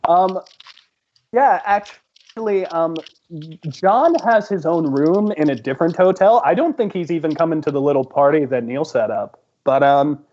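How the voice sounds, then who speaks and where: A man narrating as game master in a halting way, with many fillers. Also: fairly high pitch, darkish tone. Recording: dull lo-fi sound.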